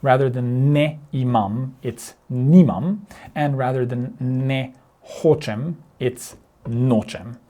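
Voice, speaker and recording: A man teaching grammar over slides. He explains patiently, repeating words and restarting phrases, and slowly drills word pairs. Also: medium pitch, fairly even intonation, mellow. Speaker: language teacher.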